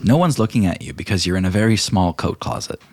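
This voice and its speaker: Animated low-voiced game master. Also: male voice, slightly rough, dry recording. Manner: animated, laughing narration with quick character voices. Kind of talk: narrating a tabletop game.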